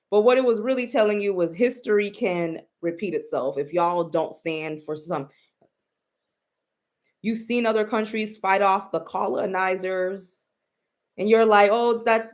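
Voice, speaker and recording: A woman talking straight to her audience in an unhurried, drawn-out way. Her pitch sits in a middle range. She speaks bluntly and profanely, and she rambles and restarts her sentences as she goes. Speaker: commentator. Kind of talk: casual commentary.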